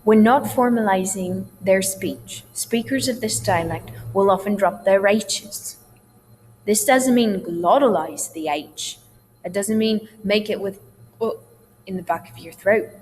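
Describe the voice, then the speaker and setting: A woman's voice: mid-range voice, measured pace, a little mellow. A woman theatre teacher giving a recorded dialect lesson, explaining sounds in a patient, reassuring way. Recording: long hall reverb, faint hum.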